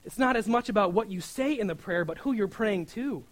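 A man with a slightly high voice gives a sermon in a loose, conversational style. He keeps checking in with his listeners and acts out the prayers he quotes. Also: animated, brisk, poor audio. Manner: informal, often asks "right?", acts out quoted prayers. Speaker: preacher.

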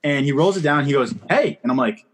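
A man's voice: medium pitch, fast, slight background noise. A young man co-hosting a podcast, telling rambling stories in casual chat full of "like" and "right?". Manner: rambling storyteller, lots of "like" and "right?". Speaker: podcast co-host.

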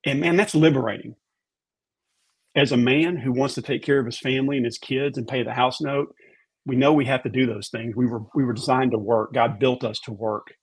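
A man with a slightly husky voice speaks earnestly about faith as a podcast guest. His pitch sits in the middle range, and he leans on repeated words for emphasis. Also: steady tone, fairly quick.

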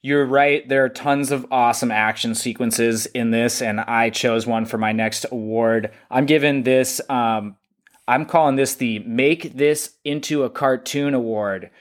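A man's voice: medium pitch, fairly even intonation, measured pace. Enthusiastic man retelling comic scenes. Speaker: podcast co-host. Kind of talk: casual chat about a comic.

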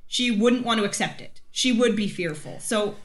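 A young adult woman co-hosting a podcast in casual chat, emotional and gushing and quick to laugh. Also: medium pitch, lively intonation. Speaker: podcast co-host.

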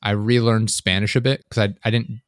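Low-voiced young man, dry close mic. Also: fairly quick, clean tone, dry recording. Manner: dry, deadpan jokes, rambling. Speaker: podcast co-host. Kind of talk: casual chat.

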